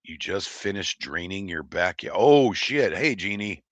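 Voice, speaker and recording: A man with a low voice and a bright, forceful edge hosts a livestream in casual chat. He rambles and answers his chat, speaking bluntly and swearing freely. His voice sounds close and dry. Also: normal speed, no room sound. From Oregon. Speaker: livestream host.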